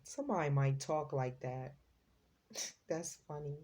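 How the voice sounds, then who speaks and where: Female tarot host, low mellow voice, casual and slangy, exclaims freely. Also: unhurried. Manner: chatty, slangy, exclaims as she reads the cards. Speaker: psychic tarot reader, host.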